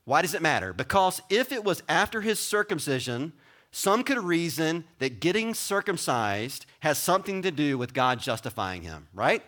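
A man preaching a sermon as pastor, conversational and animated, with asides to the congregation. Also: a little high, moderate pace.

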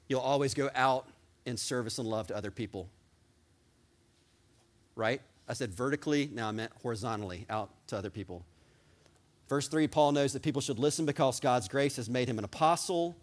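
A man preaching a sermon as pastor, talking with excited energy that rises at times into yelling. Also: medium pitch, a little fast.

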